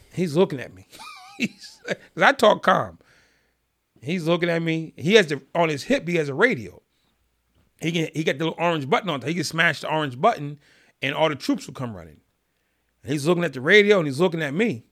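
This middle-aged podcast guest has a husky, somewhat high voice and a brisk delivery. He's an animated storyteller, recounting his own story in an interview and playing the parts of the people he quotes.

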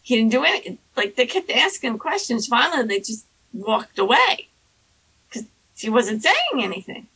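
A woman casually telling anecdotes in an animated way, acting out the people she quotes. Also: normal speed, a little hiss or hum, poor audio. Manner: animated, acts out quoted people in high squeaky voices. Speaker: storyteller guest.

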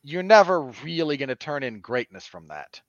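Animated, opinionated man reviewing films. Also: medium pitch, normal speed, dry recording. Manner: animated and opinionated, with sudden emphatic jumps. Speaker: podcast co-host. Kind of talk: casual film review chat. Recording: dull, dry lo-fi podcast audio.

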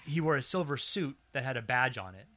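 A man's voice: mid-range voice, animated, fairly quick, pushed and bright. A man co-hosting a podcast, casually recounting a strange story with dry humor. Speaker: podcast co-host.

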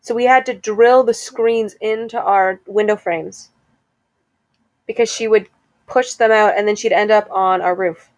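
A young woman in easy, playful conversation, laughing often as she tells stories. Her voice sits at a middling pitch and sounds close and dry, with no room around it. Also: steady tone, measured pace, no echo. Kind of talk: casual chat.

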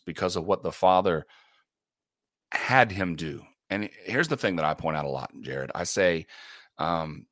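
A man who hosts a radio morning show, a guest in an interview, telling faith stories in an earnest, animated way, often restarting and laughing. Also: deep voice, dry recording, studio quality. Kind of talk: faith-centered interview storytelling.

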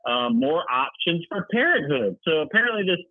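A man's voice: a little high, very animated, normal speed, dry recording. A man co-hosting a podcast in casual chat, talking sarcastically with mocking asides. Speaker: podcast co-host. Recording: dry, tinny phone-like line.

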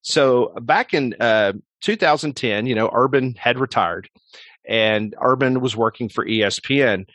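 A man's voice: medium pitch, a little slow, a bit bright, no room sound. Filler-heavy man telling a story. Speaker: sports radio host, guest. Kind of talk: casual storytelling interview.

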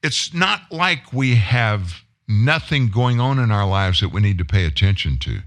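A man's voice: fairly low pitch, sing-song, measured pace, a bit bright. A male news host reading political stories and then editorializing in a sarcastic, indignant way. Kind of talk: news reading and opinion commentary.

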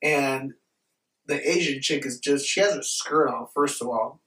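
A young man telling a story in casual chat, animated and profane, acting out the voices he quotes. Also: medium pitch, measured pace. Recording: roomy, mic at a distance.

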